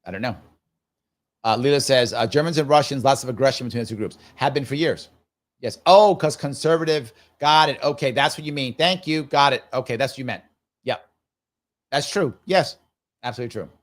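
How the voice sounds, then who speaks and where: A man in his fifties hosts a live stream and answers viewer comments as he reads them. He talks casually and thinks aloud, circling back over his own phrases. His voice sits at an ordinary middle pitch. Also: fairly quick. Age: 50s. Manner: casual, musing, repeats phrases. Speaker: show host.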